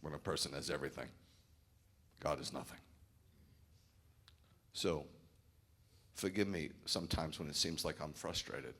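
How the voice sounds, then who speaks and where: Casual: middle aged rabbi preaching, real low voice, chatty and candid, tells stories. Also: male voice, a little slow, creaky, pauses often, pushed and bright, breathy edge. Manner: candid, conversational preaching with storytelling and acted quotes. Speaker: rabbi, pastor of the congregation. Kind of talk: informal sermon.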